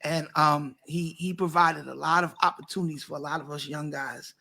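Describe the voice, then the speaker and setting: A man's voice: fairly high pitch, fairly even intonation, brisk, gravelly, bright, forceful tone. A man who is a pastor hosting a casual online interview show, hyping up his guests with slang-filled introductions. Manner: hype, enthusiastic introductions with slang.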